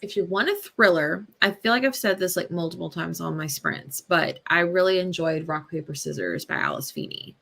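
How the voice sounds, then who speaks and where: A woman hosting a casual live reading stream, chatting slowly with many ums and soft laughs. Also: fairly low pitch, lively intonation, creaky. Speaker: booktube host.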